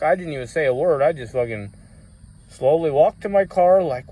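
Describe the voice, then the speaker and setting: A man's voice: a little high, animated, a little fast, a little mellow, husky. Rambling, foul-mouthed man telling stories. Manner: rambling, heavy swearing, frequent fillers. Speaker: vlogger. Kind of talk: casual storytelling.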